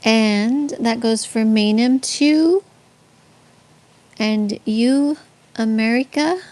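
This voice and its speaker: A woman's voice: fairly high pitch, darkish tone. A woman from Texas with a Tex-Mex accent hosting a live stream, chatting with viewers and telling faith stories, with lots of ums and restarts. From San Antonio, Texas. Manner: chatty, answers chat comments, frequent ums and restarts.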